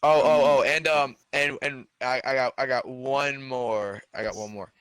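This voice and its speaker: A podcast co-host with a medium-pitched, fairly bright voice tells stories in casual chat, speaking a little slowly with fairly even intonation. His tone is clear and resonant with no echo, and he rambles, using many filler words and restarts.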